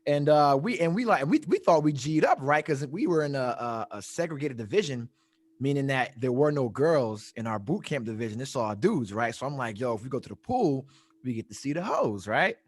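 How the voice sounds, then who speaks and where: A man telling a long story in casual chat, animated and profane, often laughing at his own tale. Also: mid-range voice, a little fast, no echo. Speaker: podcast storyteller.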